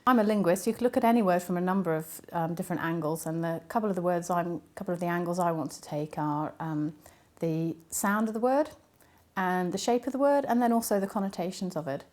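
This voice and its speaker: A woman linguist answering interview questions, explaining patiently with frequent ums and pauses. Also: fairly low pitch, a little mellow. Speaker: linguist and university academic.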